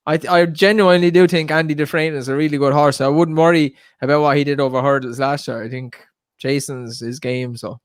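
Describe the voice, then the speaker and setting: A man's voice: a little high, smooth, no echo, clean studio sound. A man co-hosting a casual podcast, hesitant and full of "like" and "uh". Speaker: podcast co-host. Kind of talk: casual banter.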